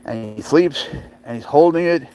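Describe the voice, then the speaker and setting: A man chatting casually on a live stream, swearing freely, laughing often and slipping into soft baby talk with his pet. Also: on the high side, lively intonation, moderate pace, slight background noise, rough recording.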